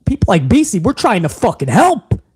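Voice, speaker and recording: A man's voice: sits high, wildly swooping pitch, normal speed, slightly rough. A man hosting a live stream, reading viewer messages in a profane, hyped, emphatic way. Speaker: wrestling commentary streamer.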